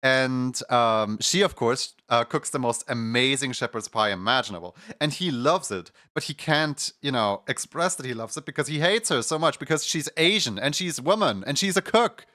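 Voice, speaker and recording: A man's voice: mid-range voice, lively intonation, moderate pace, few pauses, sharp tone, no room sound, studio quality. A man streaming, casually retelling a show's plot at length, full of fillers and restarts. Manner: rambling, many fillers and restarts.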